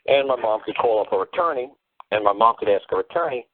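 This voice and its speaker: Blunt male caller, deep raspy voice, quick delivery, dry phone-line sound. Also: lively intonation, dry recording. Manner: blunt, emphatic, repeats himself. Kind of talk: call-in talk show rant. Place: on a phone call.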